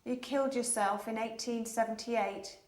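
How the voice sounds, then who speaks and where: A woman's voice: on the high side, steady tone, moderate pace. A woman leading a séance, coaxing spirits to come forward. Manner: coaxing, pleading, easily startled. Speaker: séance leader. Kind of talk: paranormal investigation.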